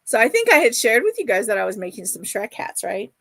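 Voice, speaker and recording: A woman's voice: a little high, big pitch swings, fast, vocal fry, a bit bright, dry recording. Chatty, gushing middle-aged woman. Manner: chatty, reads viewer comments aloud; affectionate and gushing. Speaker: livestream host. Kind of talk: casual livestream chat.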